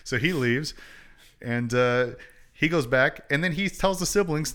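A man's voice: fairly high pitch, fairly bright tone, smooth. A man, casually retelling a book in a jokey way and briefly acting out the characters. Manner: jokey, acts out characters in quick asides.

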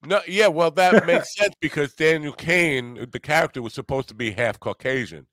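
A man's voice: on the high side, normal speed, a bit bright, dry recording, studio quality. A man hosting a podcast in casual chat, rambling, laughing often and swearing now and then. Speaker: podcast host.

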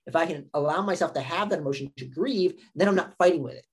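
A man's voice: a little high, fast talker, hardly any pauses, husky. A man working as a psychologist, talking through his methods as a podcast guest. He explains in a patient, teaching way, often tagging his points with "right?" and voicing what a patient might say to themselves. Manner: teaching tone, tags many points with "right?" and "all right"; acts out patients' inner voices in quotes. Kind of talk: explanatory interview talk.

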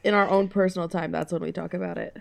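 A woman's voice: on the low side, steady tone, quick pace, vocal fry, a little mellow. A woman co-hosting a podcast in casual chat, with a sick, sultry voice and giggly dry asides. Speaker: podcast co-host.

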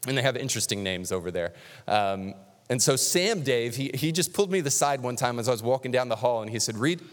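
A man preaching a sermon as pastor, animated and conversational, with touches of humor. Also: mid-range voice, fast, long reverb tail.

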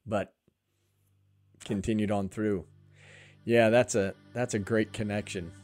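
A man's voice: on the low side, steady tone, takes it slowly, a little mellow, faint music behind. A man hosting a faith podcast, telling a story earnestly and acting out what people said. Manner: earnest, emotional, acts out quotes. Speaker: podcast host.

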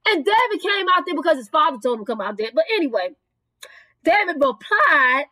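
A woman's voice: high-pitched, very animated, a little fast, pushed and bright, no room sound, poor audio. A woman retelling a Bible story, exclaiming and firing off rhetorical questions between casual asides. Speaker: bible teacher. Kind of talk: lively bible story teaching.

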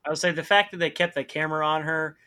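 A man co-hosting a casual wrestling chat, halting and restarting his sentences. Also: on the high side, fairly even intonation, a loud crowd. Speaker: podcast co-host.

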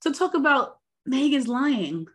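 A woman's voice: high voice, very animated, measured pace. A woman from New York co-hosting a podcast, ranting in casual, profane chat. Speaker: podcast co-host.

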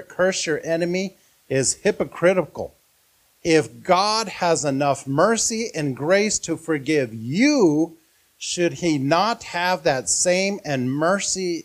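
A man preaching a sermon as pastor, earnest and often putting questions to his listeners. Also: on the high side.

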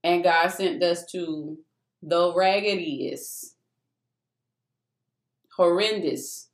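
A woman's voice: on the low side, extremely slow. A woman telling a personal faith testimony in a casual, emphatic storytelling manner, often calling out to her listeners. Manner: animated, emphatic, addresses listeners as "y'all". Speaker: testimony speaker. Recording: echoey room.

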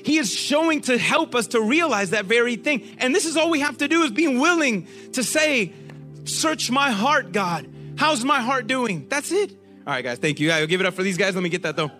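A man preaching a sermon to a group, animated and often asking them questions. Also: very high voice, fairly quick, faint music behind.

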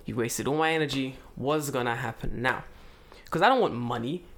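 With a medium-pitched voice at normal speed, a man who lives in Japan tells a profane, casual story. He stays animated, acting out the voices of the other people.

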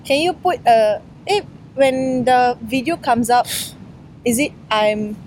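A woman's voice: slow, poor audio. A woman co-hosting a podcast outdoors, chatting playfully and telling stories with a teasing edge. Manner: playful, teasing, animated storytelling. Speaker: podcast co-host. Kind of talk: casual chat. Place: outdoors on a lawn by a city street. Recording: faint traffic rumble outdoors.

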